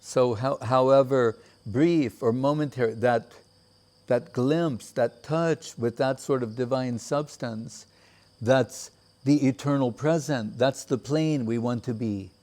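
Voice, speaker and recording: A man giving a measured, reflective devotional talk with many pauses. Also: mid-range voice, darkish tone. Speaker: spiritual teacher. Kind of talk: devotional discourse.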